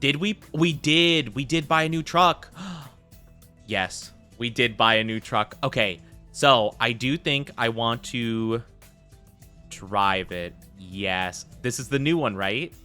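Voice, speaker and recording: Bright-voiced chatty male streamer. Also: mid-range voice, slow pace, soft background music. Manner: rambling and giggly, full of filler "like". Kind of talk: casual live-stream chat.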